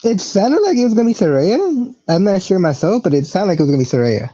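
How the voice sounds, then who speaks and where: Dark, lively co-host on a lo-fi podcast. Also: medium pitch, fast. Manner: laid-back, chiming in briefly. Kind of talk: casual wrestling recap chat. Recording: dull lo-fi podcast audio.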